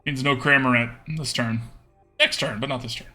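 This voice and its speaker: A man's voice: mid-range voice, fairly even intonation, moderate pace, pushed and bright, soft background music. A young man streaming a card game, chatting casually and thinking aloud with murmured hmms and repeated okays. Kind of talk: casual live gameplay commentary.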